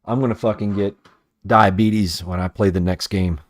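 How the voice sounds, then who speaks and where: A man's voice: lowish voice, fairly even intonation, moderate pace. A man casually talking while painting a toy in a cluttered workroom, rambling, swearing often and criticizing his own work. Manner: rambling, profane, self-critical muttering. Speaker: toy customizer.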